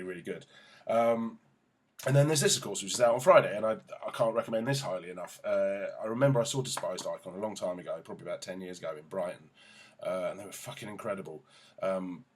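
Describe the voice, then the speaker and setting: A man's voice: on the low side, husky. A man hosting a casual album review, rambling, enthusiastic and sweary. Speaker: music journalist host.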